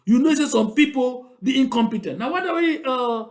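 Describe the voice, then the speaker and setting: A man's voice: extremely high pitch, lively intonation, fairly quick. A man with a Cameroonian Pidgin English accent giving emphatic political commentary, repeating points and firing rhetorical questions. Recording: roomy echo.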